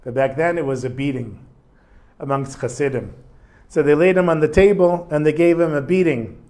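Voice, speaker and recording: A man's voice: on the high side, normal speed. Man telling stories in a religious lesson. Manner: casual, animated storyteller with asides. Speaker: Torah teacher.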